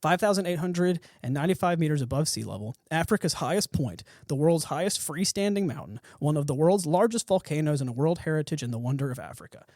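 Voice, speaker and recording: A man hosting a podcast, telling a story with animated energy, swearing and laughing. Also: a little high, fast talker, few pauses, no echo, studio quality. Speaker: podcast host. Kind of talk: casual chat.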